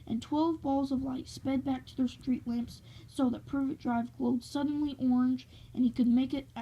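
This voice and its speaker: Woman reading a story, dark and breathy. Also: sits high, poor audio. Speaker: narrator reading a novel aloud. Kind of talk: reading aloud.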